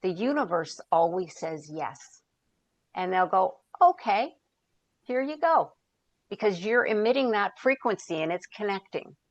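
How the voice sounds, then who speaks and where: Woman guest, coach type, lowish pitch, dry close mic, chatty storyteller. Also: moderate pace, no room sound. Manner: storytelling, searches for words, quotes herself and others. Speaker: podcast guest, founder and coach. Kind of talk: conversational interview.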